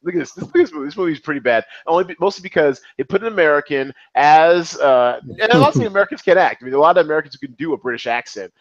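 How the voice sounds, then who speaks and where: A man in his forties co-hosting a podcast, chatting about movies in an animated, rambling, profane way over a remote call. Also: on the high side, very fast, few pauses, no echo, highs cut off. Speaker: podcast co-host. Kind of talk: casual movie chat.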